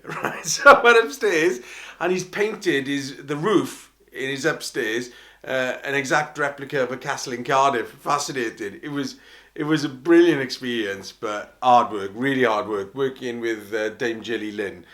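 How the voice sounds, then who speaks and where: Welsh male opera singer, mid-pitched, chatty and self-deprecating raconteur. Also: sharp tone. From Wales. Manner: chatty, self-mocking, quick to laugh. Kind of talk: casual anecdotal storytelling.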